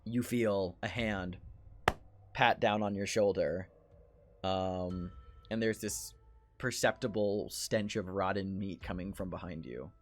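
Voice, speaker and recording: A man acting as game master, narrating a tabletop horror game in a halting way, full of fillers and restarts. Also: deep voice, steady tone.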